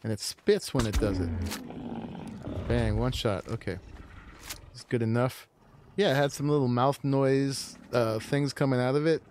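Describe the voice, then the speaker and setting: A man's voice: medium pitch, unhurried, pauses often, a little hiss or hum. A man streaming a video game, chatting casually and rambling with frequent chuckles as he plays. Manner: relaxed, rambling, chuckles often. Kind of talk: casual live-stream commentary.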